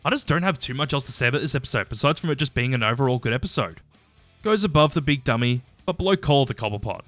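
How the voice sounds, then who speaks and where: A man racing through a casual review with a lively, swooping delivery. He is chatty and opinionated and tosses in a mild curse now and then. His voice is close and dry, with soft music underneath. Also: medium pitch, quick pace, no room sound. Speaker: YouTube episode reviewer. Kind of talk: casual commentary ranking episodes.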